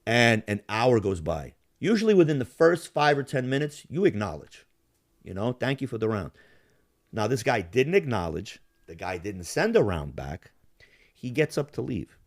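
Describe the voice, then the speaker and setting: Profane, animated male storyteller. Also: medium pitch, normal speed. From Yugoslav family roots. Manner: profane, animated storyteller acting out bar scenes. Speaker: podcast host. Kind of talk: casual storytelling chat.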